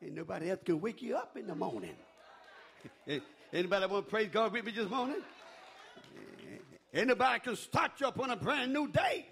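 A man preaching a fiery sermon in church, calling out to the congregation and shouting in rhythmic, call-and-response bursts. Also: sits high, vocal fry, slightly rough.

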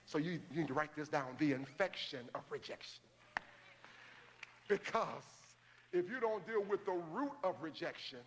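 A man preaching a sermon as pastor of a large church, building to shouted calls to the congregation. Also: a little high, long reverb tail. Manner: preaching, rising to shouted call-and-response.

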